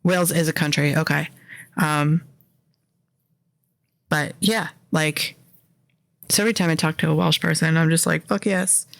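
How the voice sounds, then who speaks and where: American woman host, casual profane rant, slight fry in the voice, dry close sound, mid pitch. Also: normal speed, long pauses, no room sound. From American, Philadelphia area. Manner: profane, animated, self-interrupting. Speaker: indie author and podcast host. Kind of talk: casual ranting monologue.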